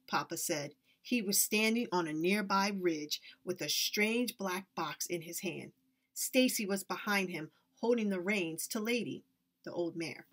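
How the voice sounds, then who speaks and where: Woman reading a story aloud, expressive. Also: on the low side, measured pace. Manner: expressive, lively narration. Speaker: reader.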